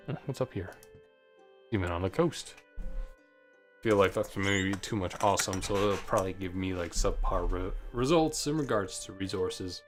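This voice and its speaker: Excitable man commenting on gameplay. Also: low voice, normal speed. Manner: swears freely, bursts into loud excitement. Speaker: gameplay streamer. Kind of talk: casual let's play commentary. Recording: faint music behind.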